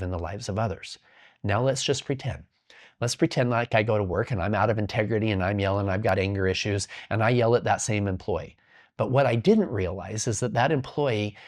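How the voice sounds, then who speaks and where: Earnest low-voiced man, intense and repetitive. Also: darkish tone. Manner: intense, repeats words, drops to a whisper for heavy points. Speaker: podcast guest. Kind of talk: earnest storytelling in conversation.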